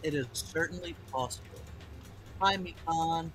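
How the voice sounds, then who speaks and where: A man's voice: fairly high pitch, a little slow, a bit bright, faint music behind. A man co-hosting a game stream, playful, greeting chat and joking with his partner. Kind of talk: casual live-stream chat.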